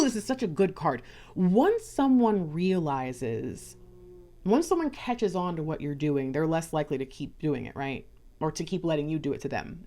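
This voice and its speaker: Lady doing a chatty tarot reading, kinda low voice but super animated, acts out convos. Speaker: tarot reader. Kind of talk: casual tarot card reading.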